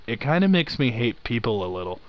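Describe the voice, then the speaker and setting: A man's voice: mid-range voice, a little fast, muffled recording. Joking young man with a slight Southern accent. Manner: animated, joking, laughs often. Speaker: podcast host. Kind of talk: casual chat while gaming.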